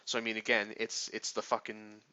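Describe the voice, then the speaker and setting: A man's voice: on the low side, completely flat delivery, brisk, pushed and bright, clear, resonant tone. A man rambling through casual game commentary, swearing often and full of fillers and restarts. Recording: dull lo-fi, dry sound.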